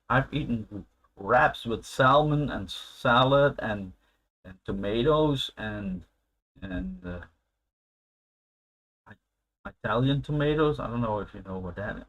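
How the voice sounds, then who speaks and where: A man's voice: medium pitch, slow pace, long pauses, a bit bright, poor audio. A man hosting a casual live stream, chatting loosely and laughing often as he answers his viewers.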